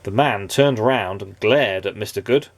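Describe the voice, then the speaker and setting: A man reading a children's picture book aloud, expressive and playful. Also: on the low side, a little slow, dry recording. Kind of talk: storybook read-aloud.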